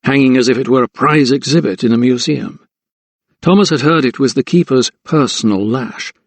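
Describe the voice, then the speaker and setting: A man narrating an audiobook in a steady, even storytelling manner, close to the microphone. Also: medium pitch, vocal fry, dry recording. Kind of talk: scripted narration.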